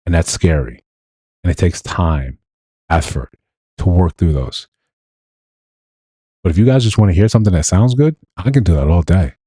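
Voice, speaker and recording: A man giving blunt, animated livestream commentary, often mimicking other people in quotes. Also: sits low, moderate pace, long pauses, slightly rough, no echo. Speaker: streamer and commentator.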